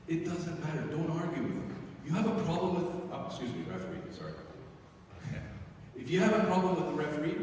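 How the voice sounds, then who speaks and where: A man's voice: fairly high pitch, a little mellow, slight background noise. A man who coaches youth sports, telling stories and giving advice to a group of parents, acting out the voices of the people he quotes. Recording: echoey hall, speaker far from mic.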